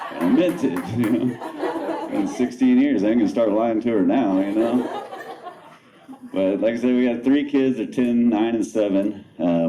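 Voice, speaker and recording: On a club stage, a man in his thirties rambles through a self-mocking stand-up set, swearing casually and staying laid-back. His voice is low and mellow, captured in a low-quality recording.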